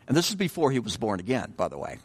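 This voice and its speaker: A man leads an informal Bible study at a middling, ordinary pitch. He talks to the group conversationally, stopping to restart phrases and repeat key words. He also asks the listeners questions along the way. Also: huge pitch swings, quick pace. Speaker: Bible teacher.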